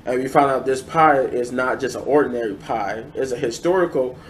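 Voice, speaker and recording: A man's voice: mid-range voice, a little fast, slight background noise. A man giving a casual, unscripted review, rambling with many restarts and fillers. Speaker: show reviewer.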